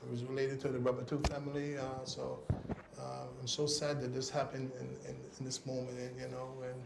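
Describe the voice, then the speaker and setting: A man speaking as a guest on a cycling talk show, giving an earnest, halting spoken tribute that often trails off softly. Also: mid-range voice, little pitch movement, vocal fry, reverberant, background noise.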